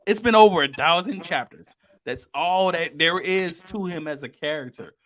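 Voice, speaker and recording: A man hosting a casual podcast, talking excitably and emphatically with plenty of cursing. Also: on the high side, moderate pace. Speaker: podcast host.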